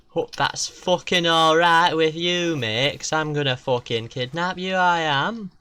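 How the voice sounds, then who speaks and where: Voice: mid-range voice, measured pace, hardly any pauses, pushed and bright, smooth. A streamer chatting casually while playing a game, ranting with heavy swearing and self-mocking asides. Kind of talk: casual gaming-stream rant.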